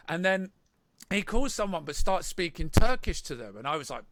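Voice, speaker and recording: A man's voice: on the high side, animated, moderate pace, fairly bright tone, dry recording. A man, a band member co-hosting a podcast, telling a rambling anecdote in casual chat with frequent restarts and laughter.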